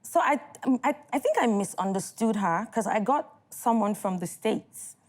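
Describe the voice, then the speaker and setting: Nigerian woman telling her story lively. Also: mid-range voice, moderate pace. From Northern Nigeria. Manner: animated storyteller, acts out what others said. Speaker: talk show guest, TV host and producer. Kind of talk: casual studio interview, storytelling. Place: TV studio.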